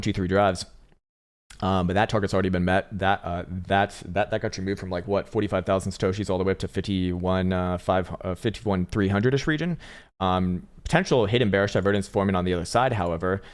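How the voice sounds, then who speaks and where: A man's voice: sits low, fast. A man hosting a casual crypto trading livestream, chatty and profane, reading chat and laughing often.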